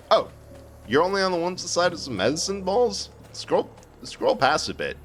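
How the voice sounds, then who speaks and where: A man's voice: sits high, big pitch swings, a little slow, faint music behind. A man chatting casually and joking to his viewers while he plays a video game on a live stream, laughing often. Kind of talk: casual live gameplay commentary.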